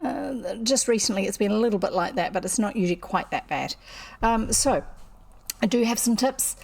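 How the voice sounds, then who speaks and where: A woman's voice: medium pitch, animated, moderate pace, gravelly, darkish tone, slightly rough. A woman chatting casually on a livestream from her home desk, rambling and interrupting herself as a storyteller. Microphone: computer streaming setup.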